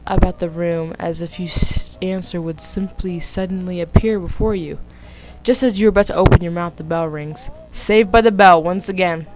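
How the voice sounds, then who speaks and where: A woman's voice: on the low side, low-quality recording. Giggly young woman reading fan fiction. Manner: giggly, rambling, keeps interrupting herself. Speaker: vlogger. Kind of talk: casual fan-fiction read-aloud. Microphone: phone.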